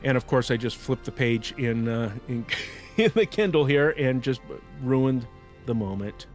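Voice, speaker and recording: A man's voice: mid-range voice, animated, measured pace, faint music behind. A man hosting a podcast, reflecting on a book in casual commentary with frequent restarts. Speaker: podcast host.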